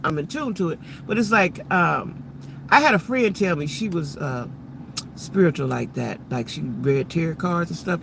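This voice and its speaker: Gravelly, bright-voiced woman chatting live. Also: sits low, slight background noise. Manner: chatty, animated, talks to viewers in the chat. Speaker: livestream host. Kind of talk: casual live-stream chat.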